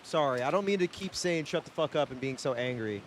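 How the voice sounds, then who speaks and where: Animated, exasperated male streamer. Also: fairly high pitch, fairly quick, a little hiss or hum. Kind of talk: live game playthrough with read-aloud narration.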